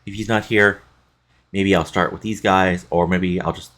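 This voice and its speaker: A man's voice: sits low, fairly even intonation, normal speed, fairly bright tone. A man reading out the lines of an arrogant male wrestler sneering at bikers. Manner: sneering, read aloud plainly.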